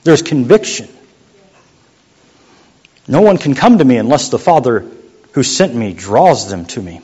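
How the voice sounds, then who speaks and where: A young adult man preaching a sermon as a youth pastor, in a conversational, joking way that sometimes drops to a quiet voice. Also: medium pitch, sing-song, unhurried, slightly rough. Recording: muffled lo-fi sound.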